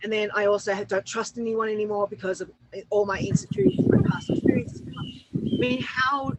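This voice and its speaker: A woman hosting a casual talk show, speaking haltingly, with many restarts and broken-off words. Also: on the high side, expressive, heavy background noise. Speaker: host. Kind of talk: emotional casual discussion.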